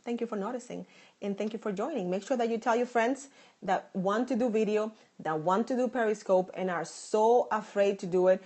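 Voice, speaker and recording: A woman's voice: medium pitch, moderate pace, a little mellow. Thirtysomething boston-accent woman live streaming on her phone, super upbeat, keeps thanking everyone, throat kinda sore. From Dominican Republic. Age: 30s. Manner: upbeat, effusive, thanking viewers often. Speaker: live-stream host and stylist. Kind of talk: live-stream chat reading viewer comments.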